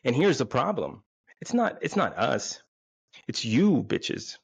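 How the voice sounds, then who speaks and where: A man's voice: mid-range voice, big pitch swings, takes it slowly, creaky, breathy edge, dry recording. A man in his forties, hosting with a crude, rambling, self-mocking comedic monologue. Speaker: podcast host.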